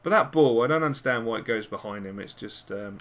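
A man's voice: mid-range voice, a little fast. A man, host of a gaming channel, commentating live on a football video game and cheering and swearing at his players. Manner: excitable, cursing and cheering at the game.

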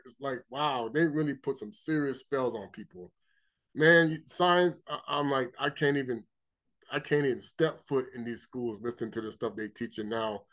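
Emphatic man with a higher voice. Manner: emphatic, rambling, repeats himself, reads scripture aloud. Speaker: religious teacher. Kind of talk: informal spiritual teaching monologue.

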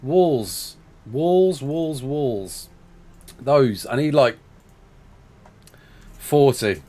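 A man's voice: medium pitch, animated, extremely slow, mellow. Chatty male gameplay streamer. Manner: chatty, reads chat aloud, talks himself through building. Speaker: live streamer. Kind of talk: casual gameplay live-stream chat.

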